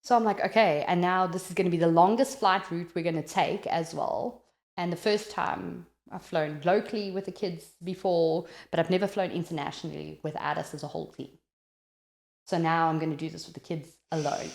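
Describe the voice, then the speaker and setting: A South African woman telling a personal story in an animated, chatty way, with many "like" fillers, as a podcast guest. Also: on the low side, fairly quick, creaky, echoey room.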